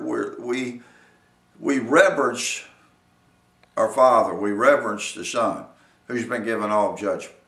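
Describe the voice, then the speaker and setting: Slow, echoey male preacher. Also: gravelly, a bit bright. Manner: slow, repetitive, addresses listeners as "people", builds from low to emphatic. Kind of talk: sermon teaching. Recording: roomy echo, distant from mic.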